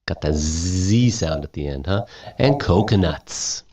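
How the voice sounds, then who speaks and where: A man teaching English who reads a story aloud, explains words, and repeats them slowly for students to copy. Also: low voice, expressive, mellow.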